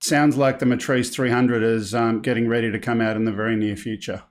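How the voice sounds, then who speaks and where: A man's voice: mid-range voice, little pitch movement, brisk. Man co-hosting a drone live stream. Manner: steering the chat, teasing. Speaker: co-host. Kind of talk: casual chat on a live stream.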